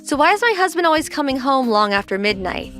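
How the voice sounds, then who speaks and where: चिंतित, अड़ी हुई पत्नी, ऊँची आवाज़. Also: female voice, sits high, sing-song, fast talker, a bit bright, soft background music. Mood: worried, insistent. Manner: confronting, insistent. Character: worried, protective young wife.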